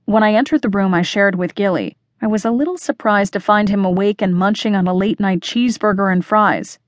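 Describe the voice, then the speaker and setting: A woman narrating a first-person mystery audiobook in a measured, expressive reading voice. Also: medium pitch, no room sound, clean studio sound.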